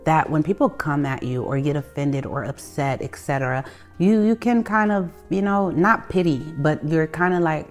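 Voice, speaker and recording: A young adult woman with a Haitian family background, talking bluntly and conversationally as she hosts a self-help video, with animated bursts and frequent restarts. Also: low-pitched, moderate pace. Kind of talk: candid advice monologue. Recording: soft music behind the voice.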